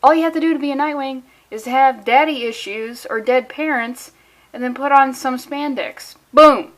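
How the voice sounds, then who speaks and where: A woman's voice: sits high, moderate pace. A woman reviewing a comic book in a casual, sarcastic, rambling way, full of jokey asides. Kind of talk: casual comedic commentary.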